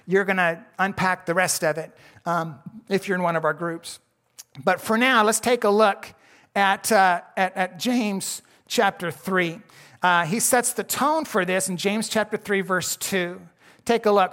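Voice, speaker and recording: A man's voice: high voice, a bit bright. A man preaching a sermon as pastor, in a folksy, conversational way, often restarting his sentences.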